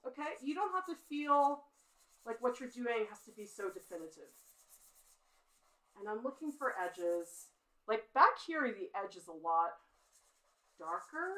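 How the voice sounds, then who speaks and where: A woman's voice: a little high, big pitch swings, unhurried, long pauses, pushed and bright, poor audio. A middle-aged woman teaches drawing in a live stream, talking as she works. Her voice swings widely up and down, and she keeps up a self-critical, chatty running commentary, laughing at her own slips. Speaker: art teacher.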